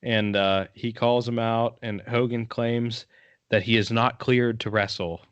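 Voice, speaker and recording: A man's voice: mid-range voice, steady tone, a little slow, fairly bright tone, clean tone, no echo, muffled recording. A man co-hosting a casual podcast chat, telling the story in a laid-back way and swearing casually. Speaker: podcast co-host.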